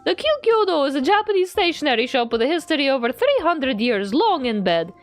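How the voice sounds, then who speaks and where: High, lively woman streamer reading game text. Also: a little fast, soft background music. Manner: playful, adds a running joke to every line. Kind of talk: reading game text aloud with jokey commentary.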